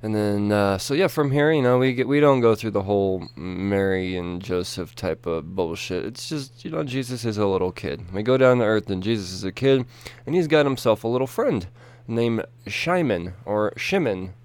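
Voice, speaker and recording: Rambling, profane young man, low smooth voice. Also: normal speed, darkish tone, dry recording. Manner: rambling, profane, lots of fillers and restarts. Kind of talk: casual comedic story retelling.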